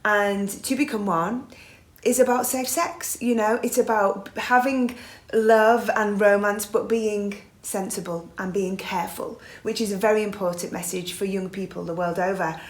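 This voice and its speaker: A chatty woman from England in her forties tells stories about her career as a pop singer. She has a middle pitch and an easy, laughing way of talking. The room around her sounds roomy and reverberant. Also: steady tone, normal speed. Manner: chatty, warm-hearted storytelling with laughs. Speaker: guest singer. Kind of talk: casual interview chat.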